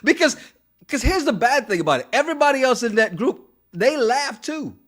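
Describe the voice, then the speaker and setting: A man with a high, lively voice that swings widely in pitch. He co-hosts a casual podcast, recapping a reality show with laughter and mock scolding. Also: fairly quick. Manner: animated, laughs often, scolds in jest. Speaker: podcast co-host.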